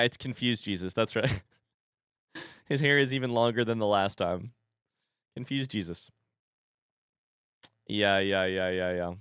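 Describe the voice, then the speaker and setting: A man's voice: mid-range voice, a bit bright, no room sound, studio quality. Playful man chatting on a live stream. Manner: rambling, playful, reads chat aloud. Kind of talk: casual live-stream chat.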